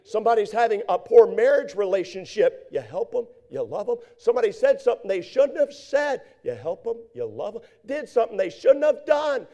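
A man preaching a sermon, repeating phrases in a steady cadence and acting out the people in his stories. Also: sits high, brisk, few pauses. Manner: repetitive preaching cadence, acts out quoted voices. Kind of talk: sermon with storytelling.

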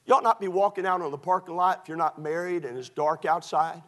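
A man preaching a sermon as pastor, moving from quiet storytelling to shouted exhortation. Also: fairly high pitch, fast talker.

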